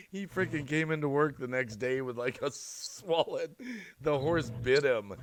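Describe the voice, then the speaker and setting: A man hosting a casual livestream chat, telling animated stories and often laughing through them. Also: mid-range voice, a little slow, no echo. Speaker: livestream host.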